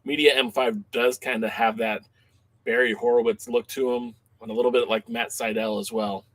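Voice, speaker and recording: A man co-hosting a wrestling podcast in casual chat, animated and quick to laugh, reading out listener comments. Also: mid-range voice. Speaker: podcast co-host.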